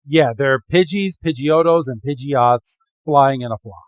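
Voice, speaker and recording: A man co-hosting a podcast, recapping a film in a casual, animated way and acting out the characters' lines. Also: mid-range voice, moderate pace, dry recording, lo-fi sound. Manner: animated, fond of acting out quotes. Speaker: podcast co-host.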